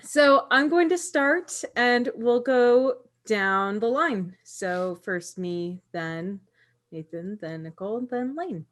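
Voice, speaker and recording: A woman's voice: on the high side, expressive, slow. A woman running a tabletop card game as game master, giving laid-back instructions in casual chat.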